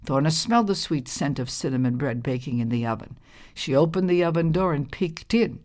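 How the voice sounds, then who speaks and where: A woman reading a storybook aloud with calm, measured, expressive narration. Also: low voice.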